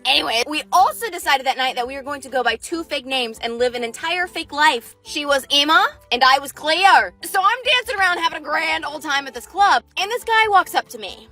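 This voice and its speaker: A young woman content creator telling funny stories to camera in a dramatic, animated way. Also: high voice, a little fast, hardly any pauses, faint music behind. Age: young adult. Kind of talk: casual storytelling vlog.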